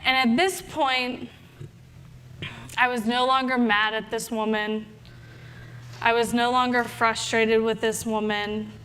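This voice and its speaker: A young adult woman, a health coach, telling a story in a talk and acting out her own inner thoughts with animated delivery. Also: on the high side, slow, pauses often, slight background noise.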